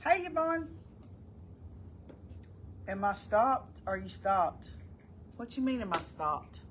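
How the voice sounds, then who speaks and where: A woman's voice: mid-range voice, sing-song, slow pace, a little hiss or hum. A middle-aged woman chatting casually on a live stream, folksy and talkative, greeting viewers by name as she goes.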